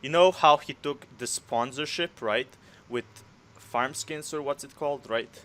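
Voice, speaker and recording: A young man co-hosting a casual gaming podcast, blunt and quick to swear. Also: a little high, fairly bright tone. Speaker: podcast co-host.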